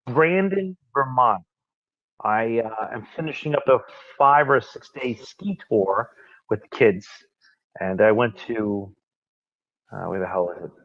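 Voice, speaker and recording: A man's voice: mid-range voice, no echo, lo-fi sound. A man hosting a casual podcast roundtable, chatty and rambling as he talks. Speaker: host. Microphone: video call.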